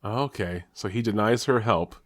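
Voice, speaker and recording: A podcast co-host chats casually, laughing often and restarting his sentences. His voice is on the low side at normal speed, with clean studio sound and no room sound.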